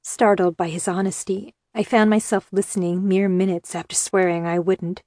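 A woman narrating a first-person novel in a measured, earnest way. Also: medium pitch, flat delivery, warm tone, no echo, clean studio sound. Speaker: audiobook narrator.

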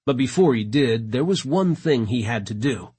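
A man narrating a science fiction audiobook with a strongly husky, raspy voice. His delivery swoops up and down with lively intonation, dramatic and expressive throughout, at a middle pitch. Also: moderate pace. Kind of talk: scripted narration.

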